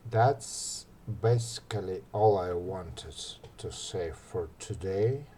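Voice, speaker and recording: A man explaining relaxation technique in a soft, hesitant, instructional way, sometimes dropping almost to a whisper. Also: deep voice, slight background noise. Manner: slow, soft-spoken, drops to near-whisper for example phrases; hesitant, many fillers. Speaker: ASMR artist giving advice. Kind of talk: instructional talk.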